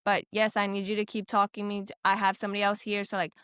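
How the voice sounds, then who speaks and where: Bright, clear young woman, teary voice. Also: mid-range voice, fast talker, dry recording, studio quality. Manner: tearful, animated, many "like" fillers, acts out quoted doctors. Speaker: guest, heart patient. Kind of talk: emotional conversational interview.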